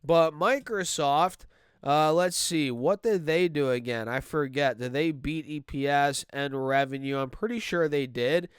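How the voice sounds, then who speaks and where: A man with a stuffed-up nose gives casual market commentary, his voice nasal yet still crisp and very clear. He talks with energy, calls his viewers guys and thinks out loud with plenty of fillers. The sound is dry and close, with no room around it. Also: on the high side, unhurried, no room sound. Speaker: stock market video host.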